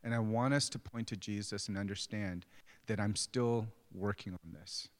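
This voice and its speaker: A middle-aged male pastor with a fairly low voice, preaching in a relaxed, conversational way that pokes fun at himself. The sound rings out with a long reverb tail, like a church sanctuary. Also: normal speed. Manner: conversational and self-deprecating, acting out family quotes. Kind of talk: sermon.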